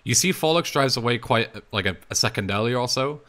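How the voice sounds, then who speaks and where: A young man with an English accent, talking through a speedrun tutorial voice-over in a relaxed, chatty way, with plenty of fillers and restarts. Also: medium pitch, brisk. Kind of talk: casual game tutorial voice-over.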